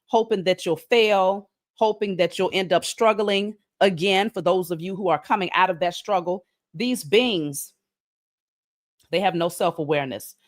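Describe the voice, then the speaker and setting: A woman's voice: on the low side, dry recording, studio quality. Chatty woman doing a live card reading. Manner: chatty, addresses viewers as y'all, slow emphatic reading of declarations. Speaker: spiritual card reader.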